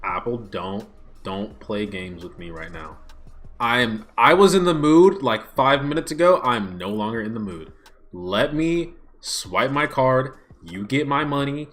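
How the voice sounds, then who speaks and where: A young man ranting in a casual livestream, exasperated and swinging his pitch widely, recorded on a smartphone. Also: expressive, a little slow, a bit bright, soft background music. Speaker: YouTuber streaming a watch party.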